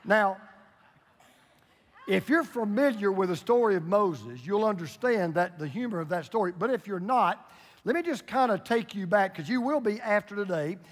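An older male pastor in his sixties delivers a sermon in a folksy, storytelling way and jokes with his congregation. His voice sits high for a man. It rings out with the long reverb of a church sanctuary. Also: lively intonation, normal speed.

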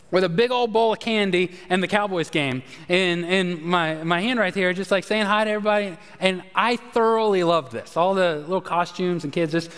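A pastor preaching to his church in a high, light voice. He tells his story conversationally, then sinks low and quiet to drive points home. The sound rings with the long reverb of a large hall. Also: clean tone. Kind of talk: sermon. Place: church sanctuary.

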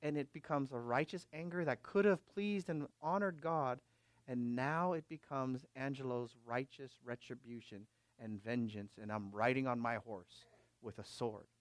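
A male pastor delivers an emphatic sermon, questioning his listeners and swinging between loud exhortation and quiet asides. His voice is medium pitch, and the recording is dry.

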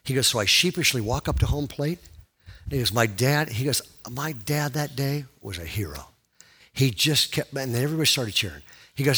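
A man preaching from the pulpit, spinning a story with big swings between hushed and excited delivery. His voice is bright and edged, sitting a little high for a man. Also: moderate pace, slightly rough. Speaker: pastor. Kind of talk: sermon storytelling.

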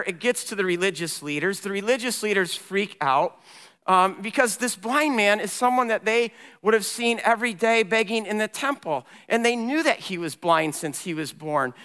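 A man preaching a sermon, telling a story with animated delivery and voicing the people in it. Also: high-pitched, clean tone. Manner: animated storytelling, voicing characters in dramatic retelling. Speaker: pastor. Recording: long reverb in a large hall.

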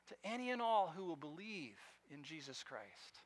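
A man preaching a sermon as pastor in a church, emphatic, swinging from quiet asides to loud, ringing lines. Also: a little high, big pitch swings, moderate pace.

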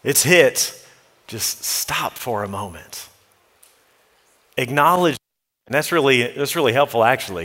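Pastor preaching in a reverberant church. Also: male voice, medium pitch, lively intonation, a little slow, long pauses, a bit bright. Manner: earnest, practical, quoting scripture. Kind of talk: sermon. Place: church sanctuary.

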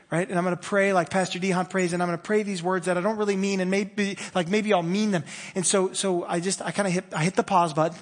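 A man preaching a sermon in a conversational way, moving between loud, fervent passages and soft, hushed ones. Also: sits high, steady tone, fast talker, few pauses, long reverb tail. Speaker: pastor.

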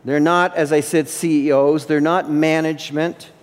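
A man's voice: fairly high pitch, fairly even intonation, moderate pace, smooth. A male pastor delivering an emphatic sermon in a church, repeating phrases for stress. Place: church sanctuary. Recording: long hall reverb.

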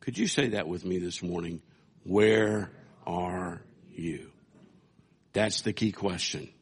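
A man's voice: low-pitched, expressive, normal speed, breathy edge. A man preaching a sermon, telling a scripture story with humor and acting out quotes. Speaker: pastor.

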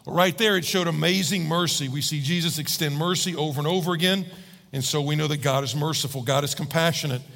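A man preaching a sermon to a large congregation, animated, often acting out voices and joking with the crowd. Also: on the high side. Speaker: pastor. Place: large church hall with about fifteen hundred people. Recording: long hall reverb.

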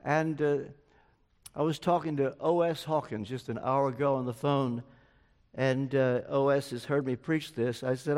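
An older man preaching a sermon in a large church hall, slow and earnest, telling personal stories. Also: medium pitch, steady tone, a little mellow. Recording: long hall reverb.

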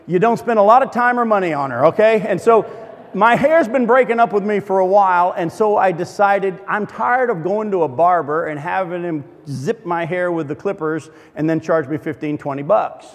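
A man's voice: sits high, moderate pace. A man preaching a sermon, telling a story in a conversational, humorous way. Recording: long reverb of a large hall.

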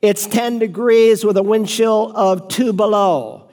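A man's voice: sits high, steady tone, a little slow, darkish tone. A man preaching an emphatic, rhetorical sermon as pastor in a church sanctuary. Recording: long church reverb.

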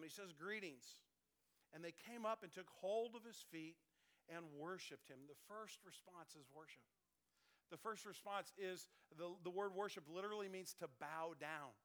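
A man in his fifties preaching a sermon as pastor, conversational and animated, often dropping to a soft calm voice. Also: sits high, clear, resonant tone. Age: 50s.

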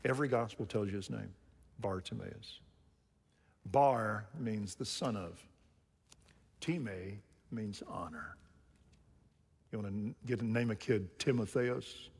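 A man's voice: fairly low pitch, slow pace, vocal fry, long pauses, breathy edge. A male pastor preaching a sermon, emphatic and full of rhetorical questions put to the congregation. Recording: long reverb of a large hall.

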